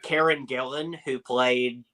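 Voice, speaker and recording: A young man telling animated anecdotes as a podcast guest, with lots of filler words. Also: medium pitch, slow, a little hiss or hum, poor audio. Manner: animated storyteller, many "like" fillers.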